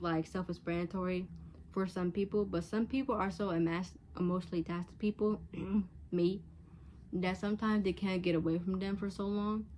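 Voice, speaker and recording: A woman's voice: lowish voice, darkish tone, a little hiss or hum. A teenage girl vlogger giving frank, chatty advice straight to camera, casual and blunt. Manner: chatty, frank, acts out catty voices in quotes.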